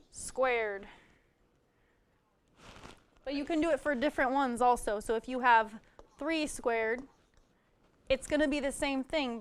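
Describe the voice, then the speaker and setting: Woman, math teacher, slightly high voice, slow and patient, faint studio noise. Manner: patient, counts things out step by step. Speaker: math teacher on a call-in homework show. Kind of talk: live TV lesson.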